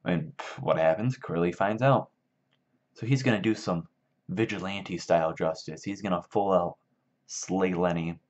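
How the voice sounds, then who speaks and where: Man, very low voice, casual comedic retelling, rambling with fillers, muffled lo-fi recording. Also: normal speed, a little mellow. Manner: rambling, loose, filler-heavy. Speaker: video maker. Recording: dull lo-fi sound.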